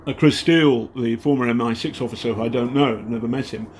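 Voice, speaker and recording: A British investigative journalist telling stories in a casual interview, halting often and acting out the people he quotes. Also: mid-range voice, fairly even intonation, a little hiss or hum. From Britain. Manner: halting, many fillers and restarts, acts out quotes.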